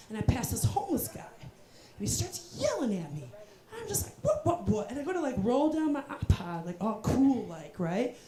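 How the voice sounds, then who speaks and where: A woman's voice: on the high side, dark tone. A young woman performing a stand-up comedy set, telling self-deprecating stories with voiced asides and punchlines. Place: live comedy venue with audience. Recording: roomy live venue with crowd.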